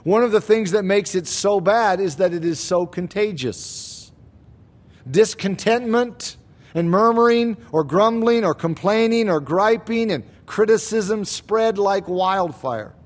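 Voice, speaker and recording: Male pastor, sermon delivery, high-pitched and measured, leans into emphasis with slow phrasing.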